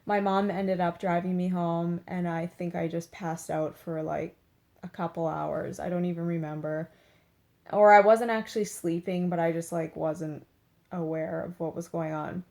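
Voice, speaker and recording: A young woman tells a story in a relaxed, chatty way, leaning on "like" and slipping into little voices for the people she quotes. Her voice is warm and mellow rather than bright. She sounds laid-back, as if talking from her bed. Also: on the low side, moderate pace, gravelly. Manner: chatty, heavy use of "like", acts out quotes. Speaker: beauty vlogger. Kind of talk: casual storytelling to camera. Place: in bed at home.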